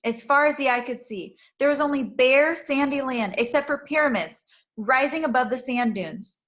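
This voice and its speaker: A woman, a teacher, reading a chapter book aloud in a clear, careful manner. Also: high voice, normal speed, a bit bright, poor audio.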